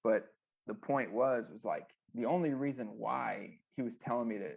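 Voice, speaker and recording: A man's voice: mid-range voice, normal speed, gravelly, slightly rough. A man, a former music manager, telling rambling stories with many fillers in a casual interview.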